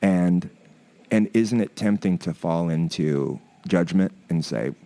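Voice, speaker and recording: A man's voice: low-pitched, takes it slowly, warm tone. An American man hosting a podcast, talking in a reflective, affirming way and giving the guest plenty of room. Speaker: podcast host. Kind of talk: casual conversation.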